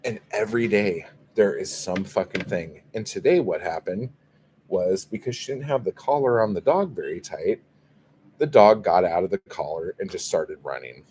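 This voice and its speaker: A man's voice: low voice, lively intonation, normal speed, a little mellow, slight background noise. A man hosting a casual livestream, telling a story in a profane, exasperated way. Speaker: livestream host. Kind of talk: casual livestream chat, reading viewer comments.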